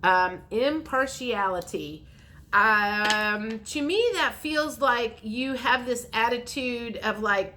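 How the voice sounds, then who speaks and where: A woman's voice: a little high, takes it slowly, bright, forceful tone, slight background noise. A woman giving a frank, chatty tarot reading, speaking straight to the viewer. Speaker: tarot reader. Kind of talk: casual tarot reading to camera.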